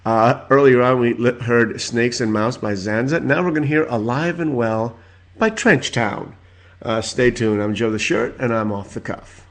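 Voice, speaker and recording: A man in his forties hosting his own podcast, telling stories in a rambling casual rant full of filler words and loud exasperated outbursts. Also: mid-range voice, moderate pace, a little hiss or hum. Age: 40s. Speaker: podcast host.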